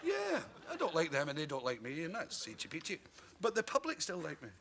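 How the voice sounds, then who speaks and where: A Scottish man with a slightly high, very lively voice tells funny touring stories, breaking into laughs and little impressions. The old broadcast recording carries a clear hiss under him. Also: brisk. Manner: lively storytelling, mimics people, laughs often. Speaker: comedian guest. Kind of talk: talk show anecdotes. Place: television studio with audience. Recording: noisy 1981 broadcast recording.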